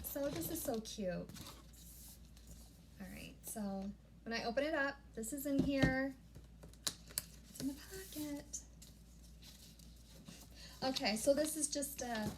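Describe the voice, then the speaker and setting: A woman vlogging a casual unboxing at home, gushing and easily excited, often breaking off mid-sentence. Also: high voice, background noise. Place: home room.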